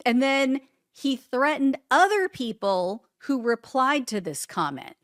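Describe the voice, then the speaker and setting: A woman's voice: high voice, lively intonation, slow, fairly bright tone, no echo, studio quality. A woman hosting casual political commentary, sarcastic and blunt, with casual swearing as she reads posts aloud.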